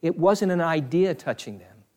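A man preaching a sermon in an earnest, emphatic way, slowing down on key phrases and turning to the congregation with conversational asides. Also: a little high, expressive, darkish tone.

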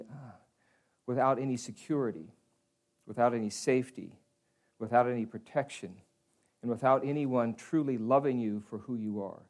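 Middle-aged guy preaching, earnest, regular mid voice, goes quiet and soft sometimes. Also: mid-range voice. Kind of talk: sermon.

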